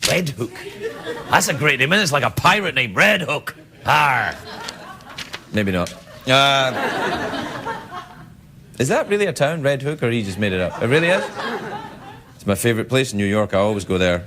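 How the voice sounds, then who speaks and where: Man, late-night host, quick jokes, lively swooping voice, clear background noise. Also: medium pitch, a crowd in the background. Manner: quick jokey delivery, playful asides. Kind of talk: comedy monologue banter. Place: TV studio with live audience. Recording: studio audience laughter and noise.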